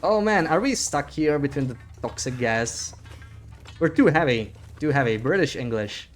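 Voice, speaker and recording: A man's voice: on the high side, animated, normal speed. A young man chatting casually on a live stream while he plays, reading chat aloud and joking about himself. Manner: chatty, reads chat aloud, self-deprecating laughs.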